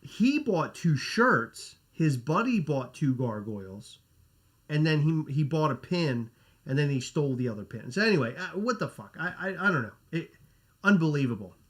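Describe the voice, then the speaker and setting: Rambling man host, slightly high voice. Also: lively intonation, normal speed. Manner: rambling, self-correcting, swears. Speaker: podcast host. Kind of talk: casual livestream chat.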